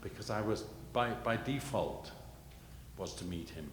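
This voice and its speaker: An older man telling a rambling, self-deprecating story at a gallery panel, halting with many restarts. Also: fairly low pitch. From England. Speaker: panel guest, illustrator. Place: gallery panel before an audience. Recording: echoey gallery hall, noisy.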